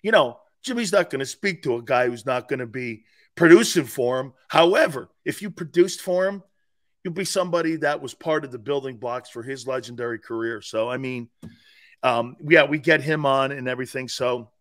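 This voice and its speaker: A man in his fifties, a former player and sports radio host, talking as a guest in a casual podcast interview, emphatic and animated with loud outbursts. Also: mid-range voice, moderate pace. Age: 50s.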